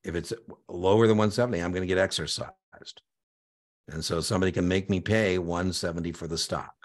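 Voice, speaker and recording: A man teaching exam prep in a live online lecture, energetic and conversational, punctuating his points with "boom.". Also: fairly quick.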